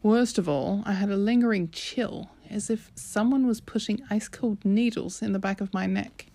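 A woman's voice: medium pitch, moderate pace, mellow, close to an everyday voice. A woman with a British accent voicing a brash, sarcastic teenage girl narrating her own story, chatty and sarcastic. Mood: cheeky.

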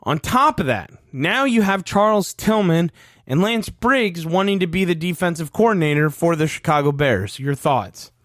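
A man's voice: fairly high pitch, animated, moderate pace, fairly bright tone, no room sound, clean studio sound. A man in his thirties ranting on a fan sports podcast, profane and heated. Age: 30s. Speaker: podcast co-host.

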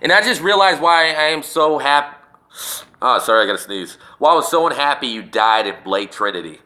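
A man's voice: fairly high pitch, expressive, brisk, pushed and bright. A man hosting a solo podcast, talking in a rambling, profane and emphatic way. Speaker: podcast host. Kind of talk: casual solo podcast rant.

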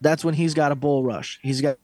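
A man's voice: fairly high pitch, fairly even intonation, fairly quick, darkish tone, soft background music. A man co-hosting a fight podcast, talking in a blunt, profane, opinionated way in casual sports chat. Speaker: podcast co-host.

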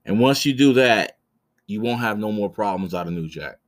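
A man's voice: fairly low pitch, lively intonation, normal speed. A man in his thirties hosting a podcast, telling a story casually with blunt, profane, rambling talk full of restarts. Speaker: podcast host.

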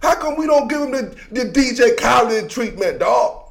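A man hosting a casual football commentary show, talking in an animated, slangy, joking way that swings between shouts and mutters. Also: extremely high pitch, normal speed, gravelly.

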